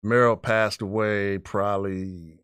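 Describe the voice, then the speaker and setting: A man's voice: fairly low pitch, slow pace, smooth, no echo, studio quality. A middle-aged man telling a long story on a podcast in casual, profane chat, acting out the voices of the people in it. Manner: animated, profane, acts out voices in his stories. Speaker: podcast co-host.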